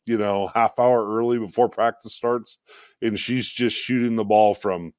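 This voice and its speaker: A middle-aged man co-hosting a podcast, talking in a rambling, relaxed way with many fillers. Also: lowish voice, unhurried, clean tone, no echo, clean studio sound. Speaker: podcast co-host. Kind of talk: casual podcast chat.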